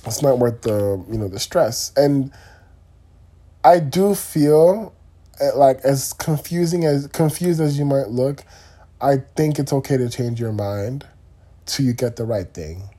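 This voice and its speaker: A man's voice: mid-range voice, a little slow, dark tone, breathy edge. A young man hosting a solo podcast, talking in a rambling, candid way and swearing casually. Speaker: podcast host.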